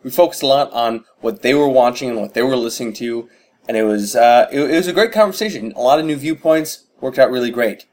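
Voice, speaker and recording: A man hosting a podcast, reading a brisk, upbeat intro and plugs for the show. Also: medium pitch, a little mellow. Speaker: podcast host.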